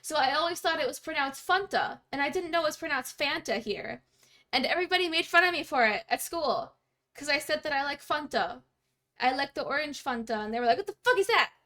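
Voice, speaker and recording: A woman's voice: high-pitched, brisk, bright, forceful tone. A young woman from Canada, a streamer chatting casually with her viewers while she plays, bubbly and giggly as she reads out their messages. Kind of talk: casual live-stream chat.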